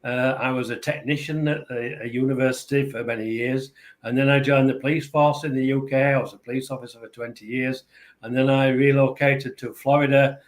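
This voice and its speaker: Older Yorkshire man, hesitant. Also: mid-range voice. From England. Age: 70s. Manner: hesitant, many filler uhs. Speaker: guest. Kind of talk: podcast interview.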